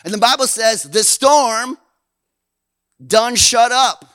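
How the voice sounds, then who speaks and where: A man from Canada preaching a sermon in an animated, folksy way, dropping low and then swelling loud. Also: takes it slowly, clear, resonant tone, dry recording. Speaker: pastor.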